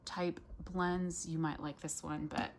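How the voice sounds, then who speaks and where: A woman with a somewhat low voice talks through a casual review, chatty and relaxed. Her sentences keep picking up ums and likes, and she often stops to correct herself. A faint hiss of noise sits underneath. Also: takes it slowly. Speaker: vlogger. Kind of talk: casual product review chat.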